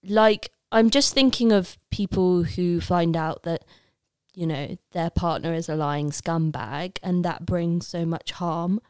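Playful young woman guest, low-pitched. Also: slow, a little mellow, smooth, no room sound, studio quality. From Leicester, England. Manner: playful, rambling, self-mocking, laughs often. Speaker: podcast guest. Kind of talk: casual podcast chat.

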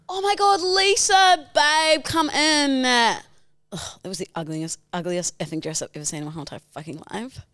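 A woman's voice: high-pitched, expressive, slow pace, fairly bright tone, dry recording, studio quality, exaggerated voice. A woman playing a two-faced young woman at a party who gushes at guests and mutters insults. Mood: gushing. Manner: gushing greetings then muttered insults.

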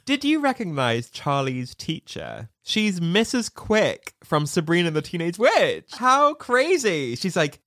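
A woman's voice: lowish voice, sing-song, slow pace, few pauses, fairly bright tone, no echo, clean studio sound. A woman co-hosting a podcast in casual chat. She is giggly and teasing, and often acts out quotes. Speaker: podcast co-host.

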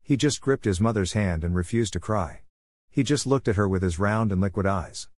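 A man from the Philippines, reading his own reflective essay in a measured scripted narration. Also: on the low side, a little mellow, no room sound, clean studio sound.

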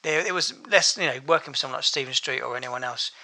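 Musician guest, gravelly, bright tone, relaxed and rambling. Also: male voice, mid-range voice, fast talker. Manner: rambling, laid-back, filler-heavy. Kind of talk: casual interview chat.

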